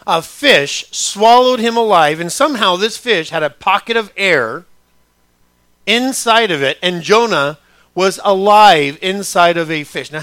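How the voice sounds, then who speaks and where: A preacher with a dry, close sound. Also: male voice, high-pitched, dry recording. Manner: starts quiet and conversational, grows loud and emphatic. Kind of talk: sermon.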